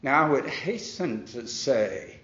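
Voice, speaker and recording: A pastor teaches from the Bible in a slow, deliberate preacher's cadence, reading scripture aloud and then explaining it point by point while leaning hard on key words. His mid-range voice is expressive and fairly bright, though the sound is dull and muffled with a roomy echo.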